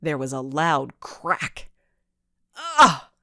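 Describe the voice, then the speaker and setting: A woman narrating a children's storybook in an expressive, measured way. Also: fairly low pitch, no echo, studio quality. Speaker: audiobook narrator.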